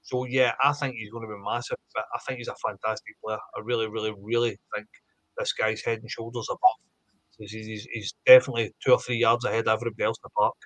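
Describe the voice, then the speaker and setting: A man's voice: fairly low pitch, little pitch movement, fast talker, a bit bright, dry recording. A man talking football on a podcast, enthusiastic and repeating words for emphasis. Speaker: podcast pundit.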